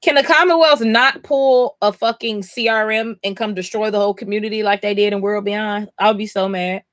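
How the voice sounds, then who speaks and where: A woman hosting a live comic-reading stream, reacting in an animated, profane, exclaiming way. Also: mid-range voice, moderate pace, no room sound. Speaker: comic-reading livestream host.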